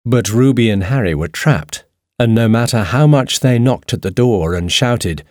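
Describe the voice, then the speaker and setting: A man narrating a storybook in a steady, even reading voice. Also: medium pitch, moderate pace, no echo, clean studio sound.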